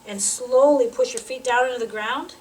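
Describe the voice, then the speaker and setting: A woman, a physical therapy instructor, teaching a live demonstration and coaching a volunteer through an exercise with quick cues and encouragement. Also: a little high, slight background noise. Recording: roomy sound from a distant mic.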